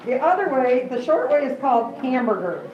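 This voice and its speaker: A woman's voice: high-pitched, big pitch swings, normal speed, muffled recording. A woman giving a classroom workshop as guest speaker, upbeat and joking while she gives directions, recorded from a distance in a classroom. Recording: echoey room from far off with hiss.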